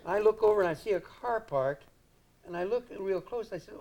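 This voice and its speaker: Older guy from indiana spinning a long story on a talk show, chuckly, a bit high. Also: lively intonation, moderate pace, a little mellow. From Indiana, United States. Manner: rambling and chuckling, acts out quotes. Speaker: guest comedian.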